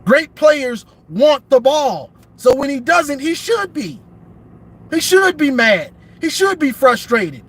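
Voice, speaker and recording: A man's voice: very high voice, big pitch swings, takes it slowly. A man ranting casually about football on a livestream from inside his car, emphatic and repeating himself. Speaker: sports commentator vlogger.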